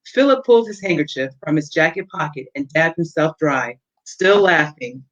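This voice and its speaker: A woman author reading her own novel aloud on a livestream, with steady, expressive storytelling. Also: low voice, moderate pace. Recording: dull lo-fi audio.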